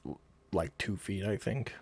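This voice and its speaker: A man's voice: low-pitched, measured pace, vocal fry, darkish tone, husky, dry recording. A man acting as game master, patiently explaining rules and describing the scene step by step. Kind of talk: running a tabletop game online.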